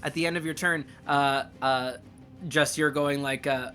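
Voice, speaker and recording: A man narrating as game master of a tabletop game, animated and quick to laugh, with dramatic narration. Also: on the high side.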